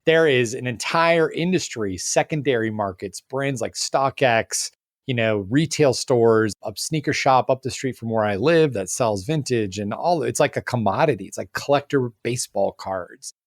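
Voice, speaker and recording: A man's voice: medium pitch, moderate pace, no room sound, studio quality. A man hosting a podcast interview, asking long questions and acting out what the guest might have thought. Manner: animated questioner, acts out hypothetical quotes. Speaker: podcast host. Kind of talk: casual interview conversation.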